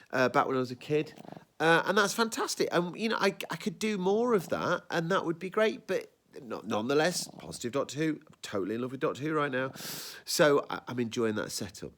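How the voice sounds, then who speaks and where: Male podcast host, lively, rambling, talks over himself. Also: a little high, a little hiss or hum. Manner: animated, rambling, self-interrupting. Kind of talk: casual review chat.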